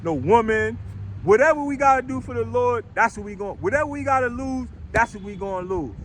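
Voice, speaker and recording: A man preaching outdoors on a city street, blunt and rough-spoken, hammering each point with "right?" and "man". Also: very high-pitched, expressive, a little fast, slight background noise.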